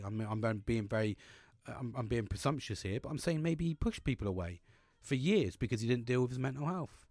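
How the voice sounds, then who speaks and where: Sweary, animated podcast man. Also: medium pitch, dry recording, studio quality. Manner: frank, sweary, animated, laughs often. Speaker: podcast host. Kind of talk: casual monologue.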